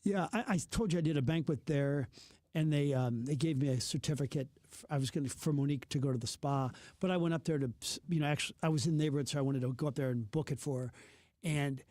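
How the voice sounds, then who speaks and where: A man's voice: a little high, quick pace, darkish tone, dry recording, clean studio sound. A man co-hosting a radio talk show, chatting casually in a playful, teasing way. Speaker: radio co-host. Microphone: studio microphone.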